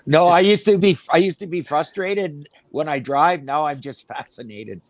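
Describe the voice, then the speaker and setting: A man's voice: on the high side, moderate pace, no echo. A man in casual talk-show chat who jokes and laughs easily.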